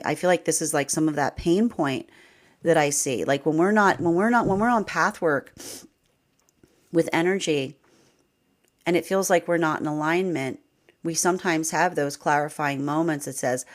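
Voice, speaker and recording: A woman's voice: sits low, normal speed. A woman reading tarot cards and talking through the energy in a chatty way, full of "like" and "right?", with frequent laughs. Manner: chatty, repeats herself, laughs often, says "right?" and "like". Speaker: tarot reader. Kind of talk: casual spiritual talk.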